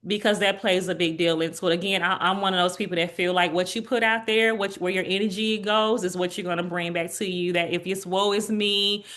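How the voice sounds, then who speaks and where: A woman in her forties, an interview guest, sharing a heartfelt personal testimony in an earnest way and turning animated when she quotes others. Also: lowish voice, brisk, few pauses. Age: 40s.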